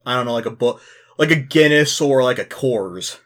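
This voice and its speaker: A man's voice: medium pitch, expressive, moderate pace, a bit bright. Brief: young male player, casual, rambling, mid-range voice. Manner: rambling, hesitant. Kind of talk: casual chat during a tabletop game.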